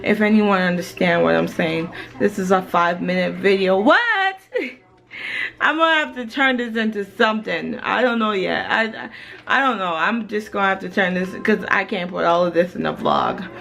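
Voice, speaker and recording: Woman, 30s, from Jamaica, family vlogger; rambling casual talk to camera at home, mid pitch. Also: normal speed, gravelly, fairly bright tone, rough recording. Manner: chatty and rambling, many "you know"s. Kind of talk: casual vlog chat to camera.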